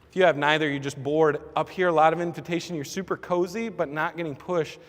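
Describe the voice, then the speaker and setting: Man, high-pitched voice, casual church training talk, conversational, lots of filler words, long hall reverb. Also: steady tone, fast talker. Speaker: church team leader.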